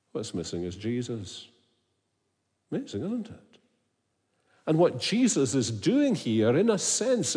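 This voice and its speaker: Man, preacher, earnest, questioning, emphatic, lowish voice, church reverb. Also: mellow. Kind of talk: expository sermon. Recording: long hall reverb.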